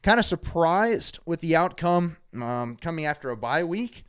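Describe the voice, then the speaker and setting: A man hosting a live fan talk show from a studio, energetic and reading out viewers' names. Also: fairly high pitch, measured pace, smooth. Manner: energetic, shouts out viewers by name. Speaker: show host. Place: studio under hot lights.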